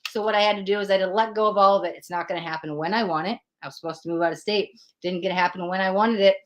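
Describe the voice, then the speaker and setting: A woman's voice: mid-range voice, racing. A young woman hosting a live tarot stream, talking earnestly and with lots of feeling to her chat about letting go of control. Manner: earnest and animated, acts out her own panicked thoughts. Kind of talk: casual spiritual talk to a live chat.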